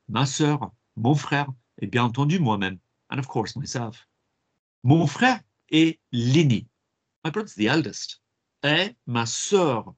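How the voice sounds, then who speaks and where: A middle-aged man with an Irish accent, teaching an exam prep lesson and repeating phrases slowly for pronunciation. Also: lowish voice, slightly rough. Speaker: French teacher.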